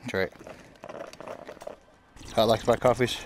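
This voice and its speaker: Gravelly slow-talking male streamer. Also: lowish voice, slight background noise. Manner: crude, mumbling, talks to game characters. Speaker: gaming streamer. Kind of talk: casual let's-play commentary.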